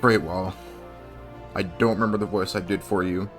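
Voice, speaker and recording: A man's voice: sits low, fast talker, faint music behind. Laid-back man commentating a game. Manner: relaxed, self-deprecating asides. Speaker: streamer. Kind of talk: casual gameplay commentary.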